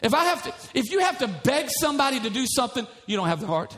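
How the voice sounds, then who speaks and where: A man's voice: very high voice, very animated, fast, fairly bright tone. A male pastor preaching a sermon in a church, emphatic, with many repeated rhetorical questions.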